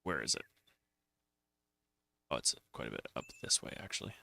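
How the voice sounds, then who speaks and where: Gravelly man muttering through a game stream. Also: a bass voice, very animated, moderate pace, sharp tone, no room sound. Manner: muttering to himself while playing. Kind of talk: casual let's-play commentary.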